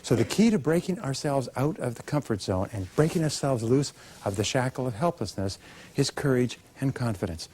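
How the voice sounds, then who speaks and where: A man's voice: mid-range voice, expressive, moderate pace, darkish tone, a little hiss or hum. A man giving a motivational seminar speech, emphatic and coaching the audience to repeat after him. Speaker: motivational speaker. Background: audience repeating lines.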